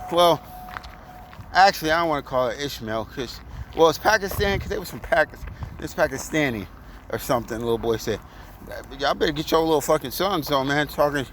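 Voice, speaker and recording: Man, high voice, profane animated storyteller, faint outdoor traffic behind. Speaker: vlogger. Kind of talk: casual storytelling rant.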